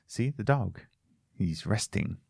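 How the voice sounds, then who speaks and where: Joking male podcast co-host, lively pitch. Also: slow, vocal fry, husky, no room sound, clean studio sound. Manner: joking, teasing. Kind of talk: casual chat.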